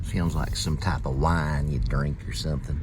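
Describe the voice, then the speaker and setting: A man's voice: a bass voice, fairly even intonation, moderate pace. A man, an actor and channel host, rambling casually as he thinks through film ideas aloud, with a lot of "you know"s. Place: inside a car while doing restaurant deliveries at night. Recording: loud car road noise.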